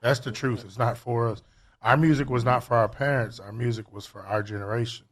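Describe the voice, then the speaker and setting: A man's voice: mid-range voice, fairly quick. Reflective man telling stories casually. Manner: reflective, storytelling, animated. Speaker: podcast co-host. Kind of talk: casual chat.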